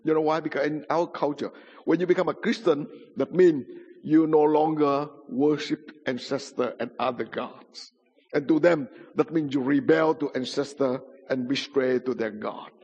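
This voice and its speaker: A man preaching his life story in a church, with non-native English and simple grammar, retelling dramatically. His voice sits a little high and husky. The recording is muffled and carries a long hall reverb. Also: normal speed, a little mellow. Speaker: pastor. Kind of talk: sermon testimony.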